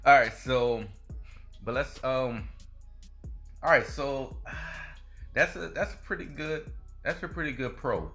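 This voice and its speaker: A man's voice: mid-range voice, takes it slowly, pauses often, fairly bright tone, soft background music. A man hosting a basketball video, chatting casually, often repeating himself and tacking "man" onto his sentences. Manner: casual, repeats phrases and ends lines with "man". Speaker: sports video host.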